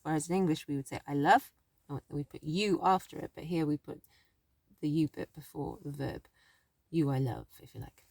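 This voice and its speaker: Woman teacher, lowish voice, chatty and a bit rambling, dry room. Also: normal speed, gravelly, a little mellow, dry recording. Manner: chatty, self-correcting, thinks aloud. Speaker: language teacher. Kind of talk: casual spoken lesson.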